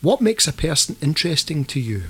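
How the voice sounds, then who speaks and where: A man's voice: fairly high pitch, big pitch swings, fairly quick, pushed and bright, slightly rough, soft background music. A man hosting a casual comedy podcast, bantering and swearing freely while reading out listener questions. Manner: jokey, profane banter. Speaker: podcast host.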